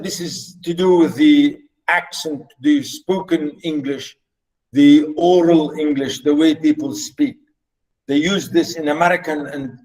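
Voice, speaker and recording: A man teaching literature walks through a play line by line in a fairly high, slightly mellow voice. His delivery is halting and repetitive, full of fillers and restated points, and the recording is rough.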